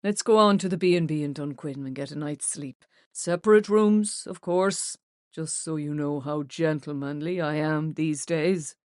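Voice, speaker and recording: A woman voicing a gentle, considerate middle-aged man who speaks softly and low. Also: normal speed, no room sound, studio quality, natural voice. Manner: soft, lowered voice.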